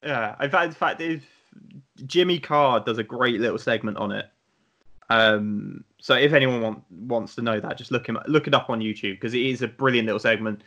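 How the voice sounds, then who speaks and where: A young British man rambles through a casual chat, often losing his thread. His voice is bright and forceful at a middle pitch. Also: moderate pace. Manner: rambling, drifts off on tangents. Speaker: podcast co-host.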